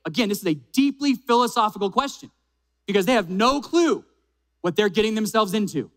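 A pastor preaches an Easter sermon with emphasis, slowing down and repeating key phrases to give them weight. His voice sits high and is expressive.

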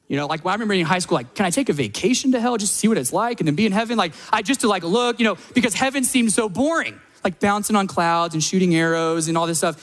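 A man preaching a sermon as a pastor, telling stories in a conversational way that swells into dramatic, emphatic passages. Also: high-pitched. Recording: long reverb of a large hall.

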